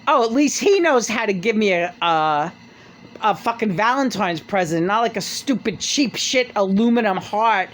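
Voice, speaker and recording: A speaker putting on the voice of a brash, foul-mouthed woman pop star of the eighties, curt and bossy, in a raised, exaggerated pitch. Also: lively intonation, moderate pace, a little hiss or hum, natural voice. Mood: scornful.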